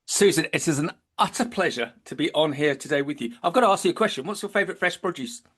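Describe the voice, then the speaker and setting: A man's voice: a little high, animated, quick pace, fairly bright tone, husky. A man, a guest on a podcast, telling stories with enthusiasm and frequent restarts. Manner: enthusiastic storyteller, many restarts. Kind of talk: podcast interview.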